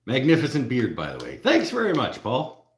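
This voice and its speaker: A man's voice: medium pitch, huge pitch swings, normal speed, roomy sound, a little hiss or hum. A Canadian man with a Canadian accent, hosting a casual live stream, joking with viewers and laughing at his own jokes. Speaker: livestream host.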